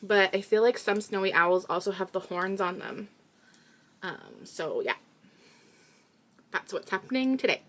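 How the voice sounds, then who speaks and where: A woman's voice: mid-range voice, lively intonation, a little slow, pauses often, fairly bright tone, slight background noise. A young woman from Canada, a crochet vlogger who chats casually and rambles with lots of fillers while she works, recorded on her phone. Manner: chatty and rambling, with many fillers.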